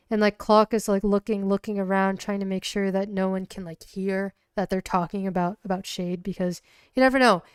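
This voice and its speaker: A woman narrating her solo tabletop role-playing game on a livestream, halting with many restarts. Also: medium pitch, fairly even intonation, clear, resonant tone, no echo, studio quality.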